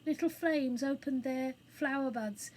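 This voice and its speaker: A woman reading a children's book aloud as storyteller, in a clear, expressive manner. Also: high voice, unhurried, a little hiss or hum, rough recording.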